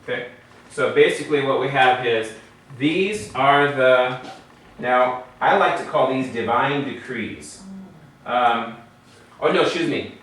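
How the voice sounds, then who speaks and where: A man with a slow, slightly bright mid-range voice leads a Hebrew class in a classroom at a congregation building. He patiently goes over letters and vowels and quizzes the students, captured by a far-off mic in a very echoey room.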